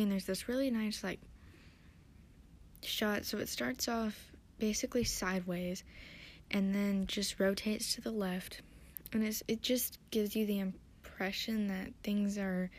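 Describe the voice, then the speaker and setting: A tired woman hosting a podcast, recapping an episode in a rambling, hesitant, self-deprecating way. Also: mid-range voice. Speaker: podcast host.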